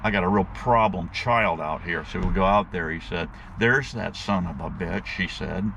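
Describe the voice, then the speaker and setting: A man with a somewhat low, gravelly voice tells a long story in a loose, animated way. He talks to his viewers as guys and uses folksy slang. Faint outdoor noise and passing vehicles sit behind him. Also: normal speed. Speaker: vlogger telling stories to his viewers. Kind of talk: rambling casual storytelling.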